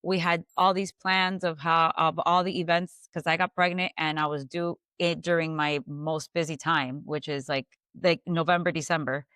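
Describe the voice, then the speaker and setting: A woman in her thirties, a guest on a podcast, telling an emotional personal story in a steady, matter-of-fact way, often saying "like" and "I go". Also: sits low, normal speed, hardly any pauses, smooth, no room sound, studio quality.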